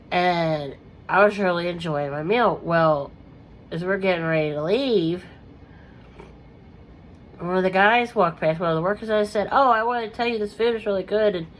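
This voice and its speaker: A woman vlogging in a casual, rambling way, with many fillers, who keeps clearing her throat through a coughing fit. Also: on the low side, slight background noise, poor audio. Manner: chatty, lots of "you know" fillers, frequent throat clearing.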